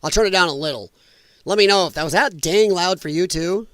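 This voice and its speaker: High-voiced sarcastic male streamer. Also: brisk, fairly bright tone, no echo. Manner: sarcastic, heated, mocking. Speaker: live stream host. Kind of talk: political commentary live stream. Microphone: headphones and desk mic.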